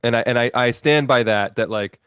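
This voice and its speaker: A man's voice: mid-range voice, brisk, a bit bright, clean tone, no room sound, studio quality. A man in a casual online panel chat about cameras, rambling through his point and laughing at his own stories.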